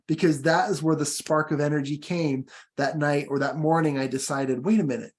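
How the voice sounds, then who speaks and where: A man's voice: on the high side, darkish tone. A man coaching his audience in a motivational training talk, emphatic and encouraging, repeating his key points.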